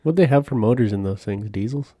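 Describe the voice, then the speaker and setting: A man with a fairly low, mellow voice trades stories on a podcast, relaxed, profane and quick to laugh. The sound is close and dry. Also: no room sound. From Canada. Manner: laid-back, laughs often, profane. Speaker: podcast co-host. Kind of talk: casual chat.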